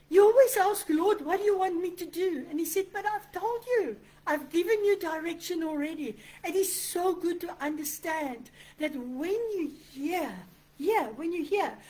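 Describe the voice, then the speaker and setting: High, husky woman pastor. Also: a little mellow, poor audio. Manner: earnest, conversational preaching with quoted prayers. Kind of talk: online sermon. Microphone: computer microphone.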